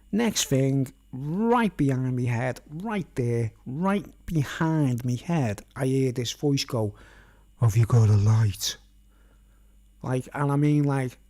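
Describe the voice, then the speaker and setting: A man's voice: medium pitch, darkish tone. A middle-aged man with a Merseyside accent telling a long rambling story, forever tagging on "right?" and "you know what I mean?". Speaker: vlogger. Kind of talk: rambling anecdotal monologue.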